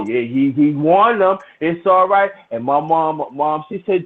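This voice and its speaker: A man's voice: a little high, animated, unhurried. Rowdy middle-aged man, tinny phone-like sound. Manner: rowdy, profane storytelling with many restarts. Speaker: storyteller in a hangout. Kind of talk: casual chat.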